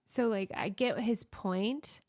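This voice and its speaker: A woman's voice: mid-range voice, slow, darkish tone. A woman co-hosting a podcast, telling a story in casual chat with wry asides. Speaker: podcast co-host.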